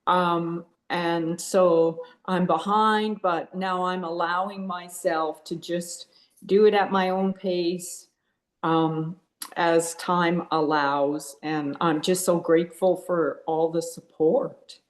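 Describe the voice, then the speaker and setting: A woman's voice: on the low side, fairly even intonation, slow pace, reverberant. A woman from Canada, speaking in a grateful, rambling way about her course. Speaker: course participant.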